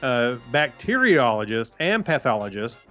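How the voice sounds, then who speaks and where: A man with a middle-pitched voice co-hosts a podcast, reading history items with dry puns and tripping over some names as he goes. His sound is slightly dull and muffled, with faint music behind it. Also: big pitch swings, moderate pace, sharp tone. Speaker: podcast co-host. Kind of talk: casual chat reading this-day-in-history.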